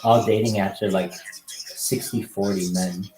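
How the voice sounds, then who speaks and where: A young man hosting a casual livestream, greeting strangers on video chat with loud, excited calls. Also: fairly low pitch, unhurried. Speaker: livestream host. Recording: roomy echo.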